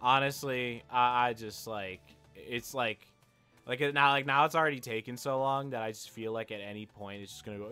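A man's voice: mid-range voice, normal speed, bright, forceful tone, clean tone, faint music behind. A young man giving frustrated, profane commentary over his gameplay, often repeating and restarting his phrases as he rants. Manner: ranting, frustrated, swears often. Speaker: gaming video creator.

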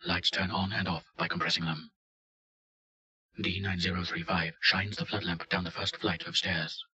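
A man reads a clinical report in a deadpan, very deep monotone. His tone has a hard, forceful edge. The recording sounds dull and lo-fi. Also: moderate pace. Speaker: narrator. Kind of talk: scripted narration.

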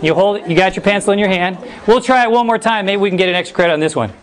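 A man with a fairly high voice runs a classroom in a brisk, upbeat way, snapping out commands and cues. Faint room noise sits behind him, as in a classroom. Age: middle-aged. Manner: energetic, brisk, playful commands. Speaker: teacher. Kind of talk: classroom instruction.

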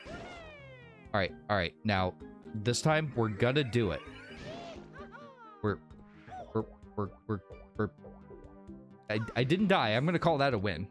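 Dude streaming a game, talks slow but super animated, cusses and laughs with chat. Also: male voice, medium pitch, soft background music. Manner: laughs a lot, swears, banters with chat. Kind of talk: casual live-stream commentary.

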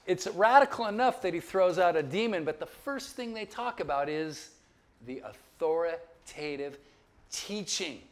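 A man teaches a Bible lecture with a somewhat high voice that rises and falls a great deal. He keeps checking that listeners follow him and drops in chuckling asides. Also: animated, unhurried.

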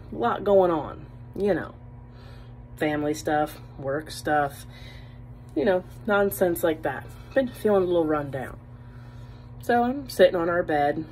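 A woman with a slightly low voice tells a comic story in a wry, deadpan way. She sounds exasperated but amused, as if talking straight to a camera. A faint hum sits under her voice.

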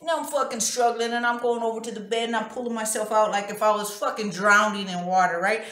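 A woman's voice: on the high side, steady tone, fast, few pauses, fairly bright tone, reverberant. A woman telling a personal story in a raw, profane, emotionally open confessional way. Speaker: vlogger.

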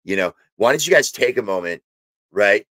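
Deep-voiced man giving rambling Bible teaching. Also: animated, normal speed, a bit bright, no echo. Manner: rambling, many fillers and restarts, emphatic. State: has hiccups. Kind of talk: informal spoken Bible teaching.

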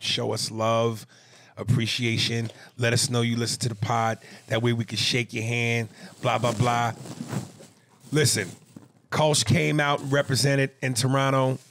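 A man co-hosting a podcast, reading a fan email aloud in casual chat, animated and jumping into loud high bits. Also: unhurried, slight background noise. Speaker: podcast co-host.

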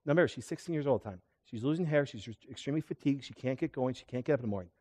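A middle-aged man, a chiropractor, giving a lively seminar talk and quizzing his audience with questions. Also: medium pitch, racing. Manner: animated, asks the audience questions. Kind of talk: live seminar lecture to an audience.

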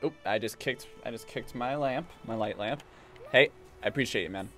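A man streaming a video game, chatting casually and jokingly, even talking back to the characters. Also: medium pitch, normal speed. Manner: playful, jokey, talks to characters. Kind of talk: casual gameplay commentary. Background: game music.

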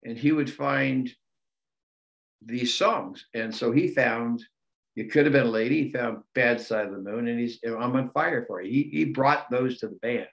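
An older man in his seventies, a rock musician telling stories in a casual interview, animated and given to repeating words. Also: mid-range voice, normal speed, creaky. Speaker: guest musician.

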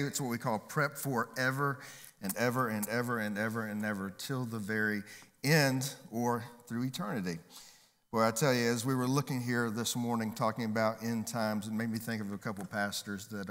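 A man's voice: medium pitch, sharp tone. A man preaching a sermon from a church stage as pastor, upbeat and emphatic, slipping in jokes. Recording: long hall reverb.

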